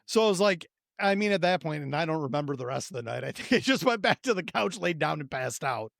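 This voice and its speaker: A man in his thirties co-hosting a podcast, telling a profane, animated story and acting out his own reactions. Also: on the high side, fast talker, creaky, dry recording, studio quality. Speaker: podcast co-host. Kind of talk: casual storytelling chat.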